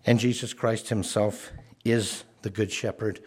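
A man's voice: on the low side, steady tone, a little slow, a little mellow, breathy edge. A man preaching a sermon, earnest and often repeating words as he stresses a point. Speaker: pastor.

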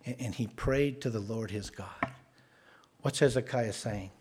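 A man's voice: lowish voice, unhurried, a little mellow, a little hiss or hum. A man preaching a sermon in an earnest, conversational way, often restarting his words.

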